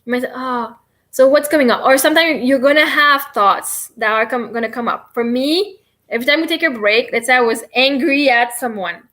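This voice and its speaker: Woman, high voice, chatty and rambling, casual livestream host teaching tapping, self-deprecating. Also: brisk, sharp tone. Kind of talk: casual live demonstration.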